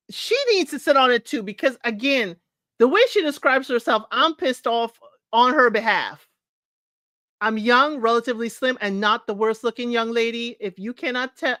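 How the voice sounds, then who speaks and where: A woman's voice: on the high side, no echo. Exasperated woman host reading online posts. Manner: animated, exasperated, talks straight to listeners. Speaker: advice show host.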